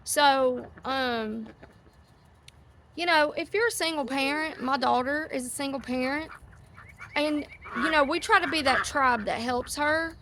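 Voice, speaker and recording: A woman's voice: sits high, measured pace, background noise. A middle-aged woman, hosting a casual outdoor chat to a live audience, rambling and easily sidetracked. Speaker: host. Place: outdoors near ducks. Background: ducks quacking.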